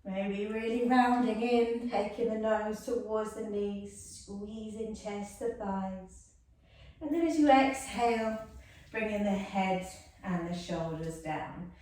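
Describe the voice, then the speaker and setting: A woman's voice: mid-range voice, slow pace, darkish tone. A woman guiding a yoga class, soothing and chatty, with self-mocking asides. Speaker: yoga instructor. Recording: echoey room, mic far off.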